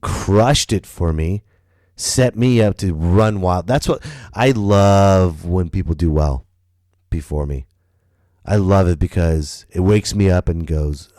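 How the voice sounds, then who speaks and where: A male comedian talks through a loose podcast monologue in a lowish voice, rambling and lively, with profanity and stumbles. The sound is dry and close, with no room around it. He jumps from story to aside with animated emphasis. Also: measured pace, no echo. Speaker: stand-up comedian and podcast host.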